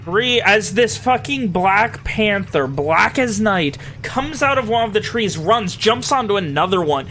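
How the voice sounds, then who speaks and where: A man acting as game master, narrating the action with lots of ums and quick self-corrections. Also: high voice, animated, sharp tone, a little hiss or hum. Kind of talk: running a tabletop game.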